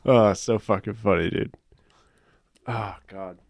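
A man's voice: fairly low pitch, steady tone, slow pace, dry recording. A man co-hosting a podcast in casual chat, laid-back and crude, laughing often. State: wheezy from allergies. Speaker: podcast co-host.

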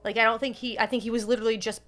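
A woman co-hosts a podcast, chatting casually about a film in a slightly high, fairly bright voice. Her delivery is flat and rapid-fire, rambling with lots of fillers and restarts.

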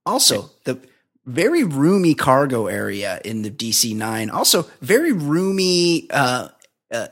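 A man in casual podcast chat who rambles through a movie plot, laughs often and slips into quoted lines as he goes. His voice sits at a middle pitch for a man. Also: very animated, unhurried, fairly bright tone. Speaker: podcast co-host.

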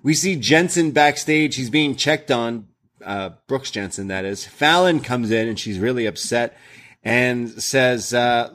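A man's voice: mid-range voice, lively intonation, normal speed, fairly bright tone. A man co-hosting a casual wrestling recap show, retelling scenes and quoting the wrestlers. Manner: retells scenes with quoted voices. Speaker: wrestling podcast co-host.

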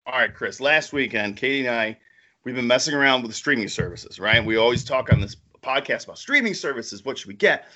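A man co-hosting a podcast in casual chat, excitable and rambling, laughing often. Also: mid-range voice, fairly quick, muffled recording. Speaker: podcast co-host.

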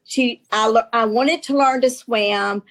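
A woman with a Southern US accent, an author guest telling stories in halting talk with many restarts and laughs. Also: on the high side. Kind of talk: casual storytelling talk.

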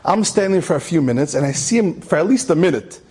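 A man's voice: fairly high pitch, expressive, quick pace, darkish tone, breathy edge. A man telling an inspirational story, emphatic and repeating key phrases, with Hebrew terms mixed in. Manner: sprinkles Hebrew and Yiddish terms.

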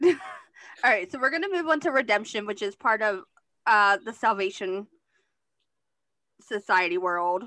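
A woman hosts a podcast interview and keeps the questions moving in a brisk, matter-of-fact way. Her pitch sits in a middle range for a woman. The recording is dry and close, with little room sound. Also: pushed and bright, no room sound. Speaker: podcast host. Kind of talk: interviewing a guest.

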